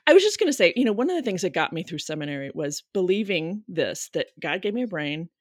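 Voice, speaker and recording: A seminary-trained woman talks in an animated, swooping way, her pitch rising and falling widely. She laughs easily as she speaks. The sound is close and dry. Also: fast talker, slightly rough, no room sound. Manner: expressive, laughs often, animated. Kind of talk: panel conversation.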